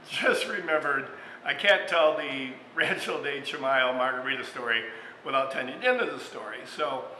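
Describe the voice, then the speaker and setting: Bright-voiced chef in an echoey room. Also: male voice, a little high. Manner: chatty storyteller, frequent fillers, chuckles mid-sentence. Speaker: restaurant executive chef hosting a cooking show. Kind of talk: casual cooking demonstration with anecdotes. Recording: echoey room with long reverb, faint background hum.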